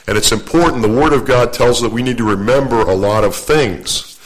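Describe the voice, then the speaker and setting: A man's voice: mid-range voice, brisk, rough recording. An older man giving a folksy, storytelling sermon as a guest preacher. He jokes at his own expense and often repeats and restarts his phrases. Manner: joking, self-deprecating, repeats and restarts phrases.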